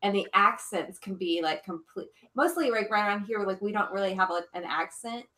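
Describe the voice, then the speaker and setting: A woman's voice: mid-range voice, brisk, heavy background noise. A woman co-hosting a casual live stream, reading viewer comments and giggling often. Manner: chatty, giggly.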